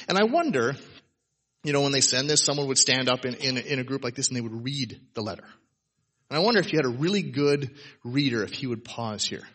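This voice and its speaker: A man's voice: medium pitch, animated, fairly quick, a bit bright, slightly rough. A man preaching to his congregation in a casual, emphatic sermon, tossing in "right?" asides. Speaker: pastor. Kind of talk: conversational sermon. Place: church service before a congregation.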